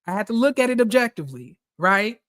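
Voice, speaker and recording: High-voiced man giving animated profane commentary. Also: quick pace. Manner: animated, profane, talks straight to viewers. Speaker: reality TV commentator. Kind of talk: casual recap commentary.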